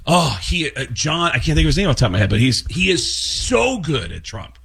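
A man's voice: a little high, fairly quick, vocal fry, breathy edge. A man, a voice impressionist on a talk show, telling stories casually and sliding into character voices. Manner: animated, slips into character voices mid-story. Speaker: voice impressionist guest.

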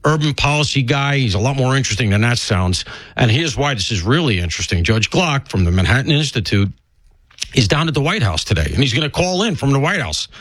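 A man hosts a talk radio show, talking in a loose, joking, self-mocking way. His pitch swings widely as he riffs, and he sounds a little stuffy from allergies. The studio sound is dry and close, with no room echo. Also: big pitch swings, brisk, a bit bright. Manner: chatty, self-deprecating, riffing with jokes and asides. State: congested with allergies. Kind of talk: casual talk radio monologue.

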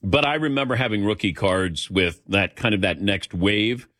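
A man's voice: lowish voice, moderate pace, a bit bright, no echo, studio quality. A man in his sixties hosting a call-in sports radio show, chatty and laughing often. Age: 60s.

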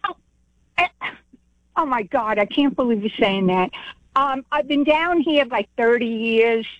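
Slow-talking New York woman caller on a dull line. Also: a little high, animated, no room sound.

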